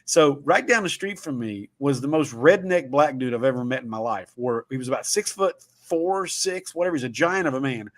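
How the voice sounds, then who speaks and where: A man's voice: mid-range voice, animated, moderate pace, hardly any pauses. A man with a Southern Ohio accent, hosting a casual livestream talk and telling rambling, folksy stories. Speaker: show host.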